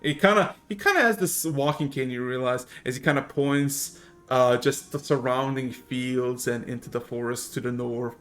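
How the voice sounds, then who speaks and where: A man's voice: mid-range voice, moderate pace, a bit bright, faint music behind. A man narrating as game master of a tabletop game, hesitant with many fillers.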